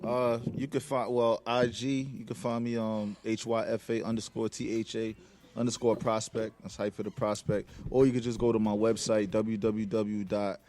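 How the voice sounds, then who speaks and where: A man guest slowly giving out and spelling his social handle and website. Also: fairly low pitch, flat delivery, a little mellow, slight background noise. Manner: slow, spells things out. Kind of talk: casual plug.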